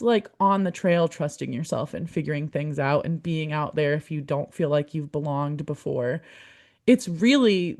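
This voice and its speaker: A woman's voice: deep voice, darkish tone. A young adult woman hosting a podcast, speaking earnestly and encouragingly, at times emotional. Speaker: podcast host, community manager. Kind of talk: heartfelt podcast monologue.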